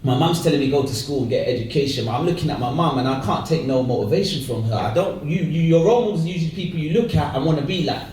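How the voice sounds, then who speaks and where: High-voiced London man telling his story. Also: fast, few pauses, slight background noise. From South London. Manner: lively, slangy, acts out voices with laughter. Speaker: speaker sharing his conversion story. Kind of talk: animated personal storytelling talk. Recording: echoey hall, distant mic.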